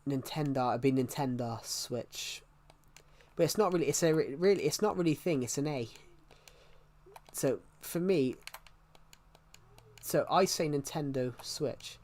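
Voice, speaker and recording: A man's voice: a little high, moderate pace, pauses often, darkish tone, slight background noise. A man streaming a game and chatting casually with his viewers, answering their questions. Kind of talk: casual livestream chat.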